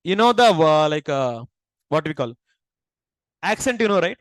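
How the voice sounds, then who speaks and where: A man's voice: fairly high pitch, big pitch swings, normal speed, no room sound, low-quality recording. A man with an Indian accent giving a classroom lecture, asking the class questions and repeating key points. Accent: Indian English. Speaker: teacher.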